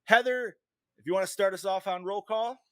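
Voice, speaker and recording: A man's voice: high-pitched, normal speed, bright, forceful tone, no echo. A man hosting a podcast, telling a rambling story in casual chat and swearing a lot. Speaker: podcast host.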